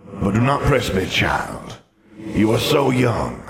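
A man's voice: lowish voice, big pitch swings, slow pace, vocal fry, pitched above the performer's own voice, exaggerated voice. A man voicing a stern old male ghost who speaks in a formal, old-fashioned, reproving way. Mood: grave.

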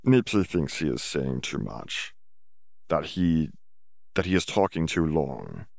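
A man's voice: a bass voice, big pitch swings, slow pace, gravelly, dry recording, full character voice. A man doing a humble male house elf. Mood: earnest. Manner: odd elf grammar, third-person self-reference.

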